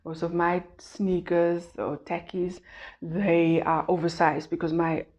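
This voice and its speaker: A woman's voice: on the low side, level tone, slow, darkish tone. A woman talking earnestly and emotionally in a casual vlog, often restarting and repeating words. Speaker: vlogger. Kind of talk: casual weight-loss vlog. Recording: dull lo-fi recording.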